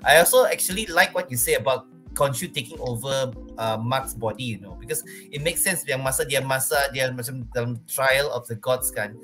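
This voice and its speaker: A man's voice: medium pitch, a little fast, fairly bright tone, faint music behind. Easygoing Malaysian man, agreeable panelist. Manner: agreeable, loose and hesitant, many fillers. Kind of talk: casual panel discussion.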